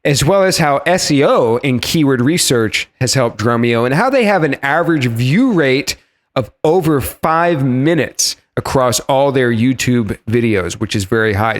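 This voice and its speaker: A man hosting a podcast, introducing his guest and asking questions in a chatty, casual way. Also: mid-range voice. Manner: lively, chatty, with fillers and restarts. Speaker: podcast host.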